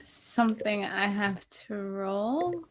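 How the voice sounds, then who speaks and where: Female player, slow and thoughtful. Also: medium pitch, lively intonation, background noise. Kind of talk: casual tabletop play.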